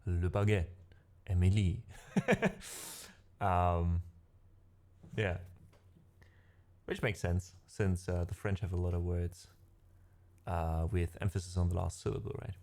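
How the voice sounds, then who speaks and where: Slow and expressive, this man's low, slightly mellow voice pauses often. He's a music streamer, not a native English speaker, chatting casually with livestream viewers between piano pieces while rambling, self-correcting, and laughing often.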